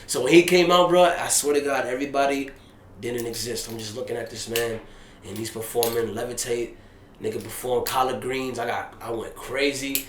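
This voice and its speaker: A young man, a rapper being interviewed, telling a story in casual, animated fashion, dropping low and hushed and then rising loud and excited. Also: normal speed, background noise. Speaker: rapper guest. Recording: roomy echo.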